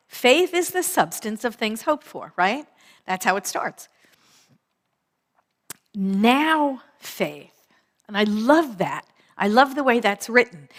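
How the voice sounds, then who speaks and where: A woman minister giving a conversational sermon, repeating phrases for emphasis, slowing on key words and often asking "right?". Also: on the high side, fairly bright tone.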